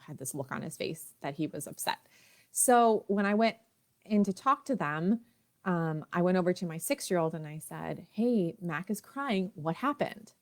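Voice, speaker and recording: Chatty woman hosting a parenting livestream. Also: lowish voice. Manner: warm, chatty, laughs often. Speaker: parenting coach. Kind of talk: livestream talk to viewers.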